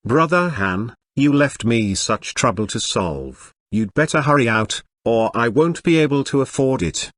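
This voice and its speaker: A text-to-speech male voice reading the lines of a weary martial hero in flat, even tones. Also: medium pitch, a little slow, few pauses, no room sound, studio quality.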